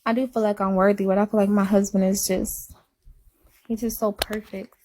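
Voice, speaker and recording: A woman's voice: medium pitch, level tone, moderate pace, darkish tone, a little hiss or hum. Chatty woman. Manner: chatty, emphatic, repeats herself for effect. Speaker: livestreamer. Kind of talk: casual live-stream chat.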